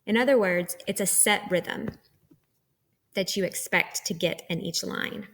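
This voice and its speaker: A woman's voice: medium pitch, a little slow, vocal fry, fairly bright tone. A woman teacher talks through a recorded lesson, patient and methodical. She explains each term step by step in a mid-range voice. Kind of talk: recorded lecture.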